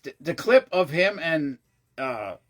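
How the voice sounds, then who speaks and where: A man vlogging, telling a long rambling story in a casual, excitable way, swearing freely and often restarting his sentences. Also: fairly high pitch, slow pace.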